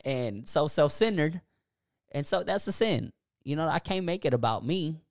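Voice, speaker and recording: A young man talking casually about faith and self-forgiveness on a podcast, animated and preachy, laughing often. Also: fairly high pitch, moderate pace, no room sound, studio quality. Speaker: podcast co-host.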